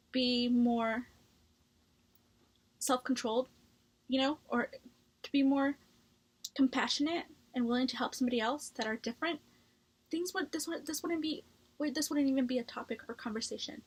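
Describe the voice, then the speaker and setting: A young woman vlogging a candid personal story, blunt and quick to swear, restarting her sentences as she goes. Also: high-pitched. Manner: heated when retelling the story. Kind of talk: casual storytelling to camera.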